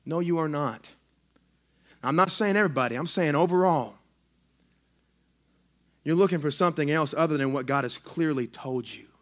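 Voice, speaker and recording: Male pastor, sermon in church; excitable, chatty delivery, full of restarts, slightly higher pitch. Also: normal speed, pauses often. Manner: excitable, conversational preaching with frequent restarts. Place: church sanctuary.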